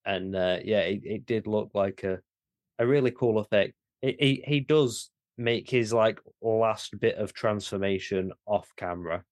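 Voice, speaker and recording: A man co-hosting a podcast in casual chat, animated and incredulous, with some swearing and restarts. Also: lowish voice, a little slow, no room sound, studio quality. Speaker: podcast co-host.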